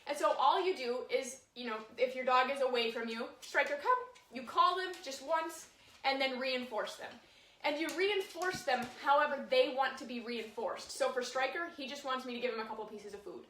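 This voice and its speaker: A woman's voice: sits high, moderate pace, a bit bright, slight background noise. Chatty woman teaching dog training. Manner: chatty, demonstrates with her dog as she explains. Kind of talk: casual instructional talk. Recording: echoey room, voice from a distance.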